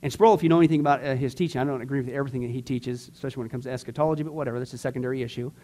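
A man teaching a church discipleship class, earnest and conversational, swinging from emphatic to quiet. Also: medium pitch, fairly even intonation, very fast.

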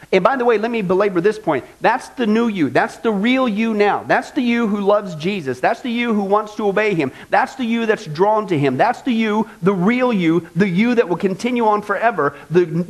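A male pastor preaching a sermon in a folksy style, driving points home with repetition. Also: high voice.

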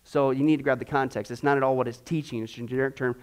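A man's voice: mid-range voice, fairly even intonation, very fast. A man teaching a Bible class in a chatty way, full of corny asides and rhetorical questions.

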